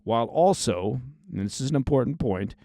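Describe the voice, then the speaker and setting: A man's voice: medium pitch, lively intonation, brisk, dark tone, dry recording, clean studio sound. A man hosting a scripted news briefing, reading the stories in a conversational way with short asides and stressed key words. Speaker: news podcast host.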